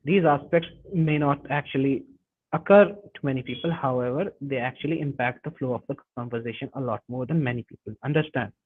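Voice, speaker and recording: A man's voice: medium pitch, fairly quick, slightly rough, narrow, tinny audio. A man with an Indian English accent teaching a live online webinar, explaining step by step and often restarting and correcting himself. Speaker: webinar instructor. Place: home or office, online webinar. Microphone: computer mic over a web call.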